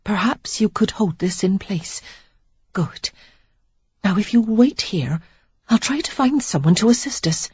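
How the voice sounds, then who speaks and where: A woman reading an audiobook, voicing a timid, proper young lady of twenty-five who speaks tentatively and quietly. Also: fairly high pitch, animated, normal speed, husky, dry recording, lo-fi sound, pitched above the performer's own voice.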